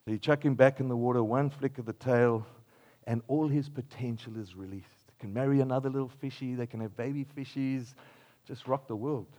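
An older man from Australia preaching a sermon, telling playful made-up examples with lively energy and then dropping to a quiet, earnest close. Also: medium pitch, fairly quick. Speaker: pastor.

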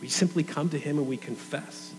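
A man's voice: on the high side, fairly quick, long reverb tail, background noise. A young adult man preaching a sermon in a conversational, earnest way.

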